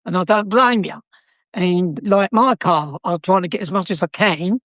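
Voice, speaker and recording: A man's voice: high-pitched, normal speed, fairly bright tone, dry recording, clean studio sound. An older man with a South London accent, a former car dealer telling stories in a chatty, cheeky way with frequent laughs. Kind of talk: anecdotal storytelling.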